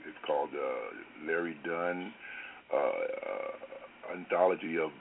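A man, a guest singer, talking in a casual phone interview, halting with many fillers and restarts. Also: extremely low pitch, creaky. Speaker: guest singer and tribute performer. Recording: phone line with faint noise.

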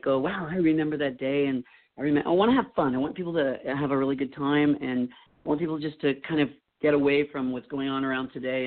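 An older man chatting as a guest in an interview, in a jokey, rambling way. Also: a little high. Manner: jokey, rambling, slips into impressions. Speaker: guest entertainer. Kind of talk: casual interview chat. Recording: tinny phone line.

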